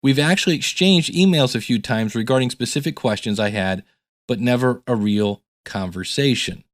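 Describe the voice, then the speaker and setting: A man's voice: medium pitch, moderate pace, dry recording, clean studio sound. A middle-aged male podcast host and teacher talking casually in a solo episode, telling stories and reading listener emails aloud. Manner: storytelling, reads emails aloud.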